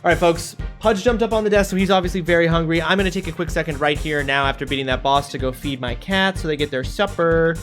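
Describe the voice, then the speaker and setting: Male streamer, slightly high voice, excitable and sweary, live gameplay commentary over game music. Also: fast, few pauses. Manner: excitable, swears freely, chats with viewers.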